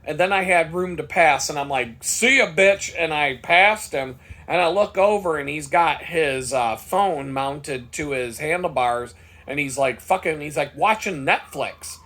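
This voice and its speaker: A man's voice: on the high side, measured pace, fairly bright tone. A man vlogger telling a story in a casual monologue, worked up and swearing freely.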